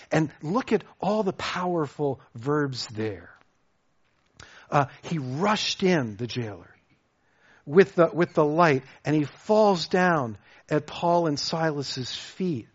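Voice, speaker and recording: Animated preacher man, dull lo-fi sound. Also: a little high, breathy edge. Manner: animated, repeating words as he restarts. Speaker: pastor. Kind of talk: sermon.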